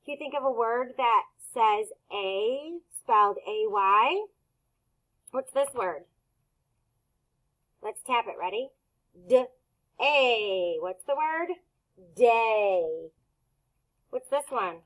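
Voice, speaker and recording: A woman teaching young children to read, sounding out each word with patient care. Her voice sits a little high and rings bright, and she takes her time with every syllable. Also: expressive, rough recording. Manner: slow, patient, sounding out words. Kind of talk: phonics lesson for children.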